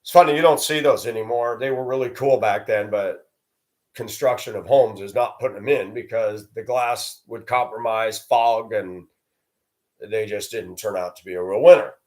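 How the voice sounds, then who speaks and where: A man's voice: on the low side, moderate pace, darkish tone. A man talking to the camera in a rambling personal monologue, blunt and sometimes crude. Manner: rambling, blunt, with coarse language. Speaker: vlogger.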